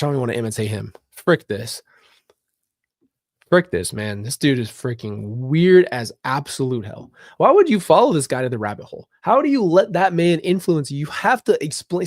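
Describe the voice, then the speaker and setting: A man's voice: on the high side, a little mellow, no room sound, studio quality. A man hosting a casual commentary vlog, talking bluntly and emphatically with open frustration. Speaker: channel host.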